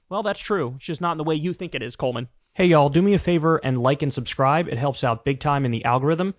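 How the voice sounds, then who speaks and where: A man's voice: a little high, fast, hardly any pauses, no room sound, clean studio sound. A man hosting a political commentary show, ranting angrily and emphatically with lots of profanity.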